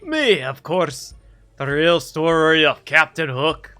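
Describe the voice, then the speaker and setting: A man's voice: fairly high pitch, big pitch swings, slow pace, bright, forceful tone, faint music behind, exaggerated voice. A man voicing a vain, pompous male pirate captain with a put-on Scottish accent and grandiose, theatrical speech. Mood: boastful. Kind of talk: voicing game dialogue on a stream.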